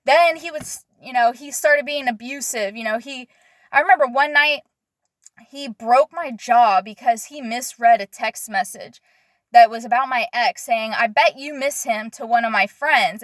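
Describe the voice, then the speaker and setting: A young woman speaks frankly to camera about her own past, with a loose, conversational delivery and the odd swear word. Her voice sits fairly high for a woman. The sound is dry and close, with almost no room around it. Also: a bit bright, no room sound. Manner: candid, conversational, with frequent fillers and blunt swearing. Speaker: vlogger. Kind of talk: personal storytelling to camera.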